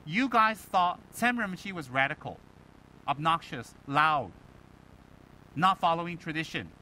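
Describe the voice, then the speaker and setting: A Buddhist teacher giving a dharma talk to students, animated and emphatic, firing rhetorical questions and mimicking other people. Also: male voice, fairly high pitch, measured pace, slight background noise, low-quality recording.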